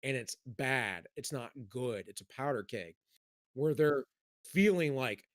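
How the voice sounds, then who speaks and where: Animated rambling man in casual chat. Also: mid-range voice, measured pace. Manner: rambling, animated, many restarts. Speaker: podcast co-host.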